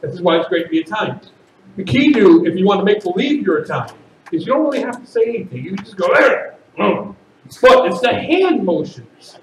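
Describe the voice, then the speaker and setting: Man, stand-up comedian, high lively voice, echoey room, heard from afar. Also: quick pace, far from the mic, a little hiss or hum. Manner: loud animated shouting bits.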